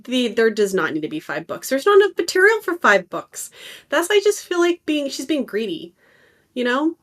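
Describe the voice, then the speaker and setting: Woman, podcast co-host, animated and lively pitch, chatty opinionated banter. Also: normal speed. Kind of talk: casual chat.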